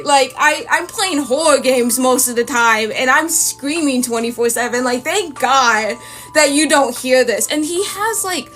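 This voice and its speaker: Young woman, art streamer, rambling chatty storytelling, slightly high voice, faint lofi music behind. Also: animated, measured pace, fairly bright tone, rough recording. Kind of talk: casual storytelling while drawing.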